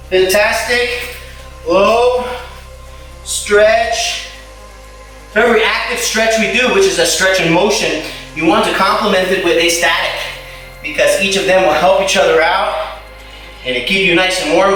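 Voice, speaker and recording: A male martial arts instructor leading an at-home workout class, upbeat and encouraging, counting reps out loud and cheering his students on. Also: high voice, distant mic. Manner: loud counting and shouted kiai. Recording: very echoey room, voice away from the mic, faint music.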